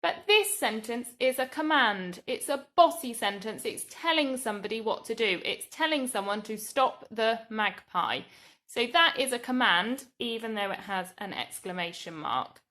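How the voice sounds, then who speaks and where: An English woman, a primary school teacher, giving a recorded grammar lesson to young children in a slow, clear, patient way. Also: fairly high pitch, expressive, sharp tone. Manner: slow, clear, patient explaining with drawn-out example words.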